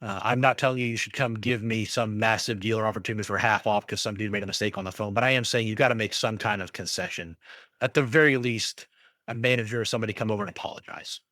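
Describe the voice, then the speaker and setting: A middle-aged man telling a story in casual chat, ranting in an animated way and acting out both sides of an argument with a shop clerk. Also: fairly low pitch, fast talker, no room sound, studio quality. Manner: frequent restarts and fillers when worked up. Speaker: podcast co-host.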